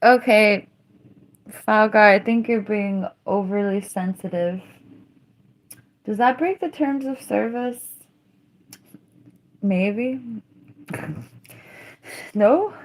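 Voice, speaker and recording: A woman's voice: mid-range voice, slow, pauses often. A woman livestreaming, telling rambling stories between laughs and answering her chat.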